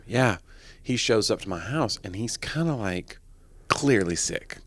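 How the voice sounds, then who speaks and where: Hoarse, lively-voiced joking man. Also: low voice, measured pace. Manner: playful, jokey storytelling. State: hoarse morning voice after covid. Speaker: podcast co-host. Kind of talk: casual chat.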